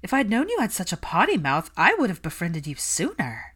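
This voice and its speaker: A woman's voice: medium pitch, wildly swooping pitch, a little fast, a bit bright, slightly rough, full character voice. A woman voicing a smug young witch who teases her friends in a sly, brash way, in a storybook reading. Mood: teasing.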